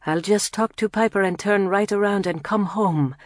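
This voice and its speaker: A woman voicing a kind, protective young man, speaking softly and earnestly. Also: medium pitch, normal speed, no room sound, studio quality, voice pushed up, lightly acted.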